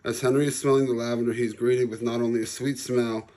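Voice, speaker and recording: A man, the author, reading his children's storybook aloud in a calm, even storytelling manner. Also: mid-range voice, fast.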